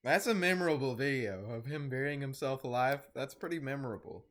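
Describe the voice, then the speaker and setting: A man's voice: medium pitch, a little fast, a bit bright. A young man talking to camera in a rambling, easily distracted solo vlog, casually swearing and interrupting himself. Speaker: vlogger.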